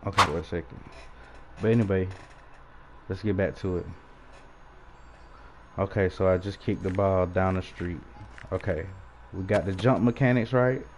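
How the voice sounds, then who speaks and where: Young male gamer, low voice, jumpy and profane, nervous laughter; let's-play commentary. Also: fairly even intonation, normal speed, long pauses, a little hiss or hum. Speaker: gaming YouTuber.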